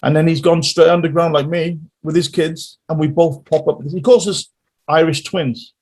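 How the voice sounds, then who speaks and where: A man telling stories as a guest musician in a casual interview, animated and rambling. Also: on the high side, moderate pace.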